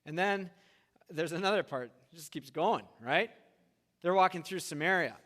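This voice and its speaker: A pastor preaching in an echoing hall. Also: male voice, fairly high pitch, normal speed. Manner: conversational, animated retellings with acted quotes. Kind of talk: sermon. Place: church sanctuary. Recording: long church hall reverb.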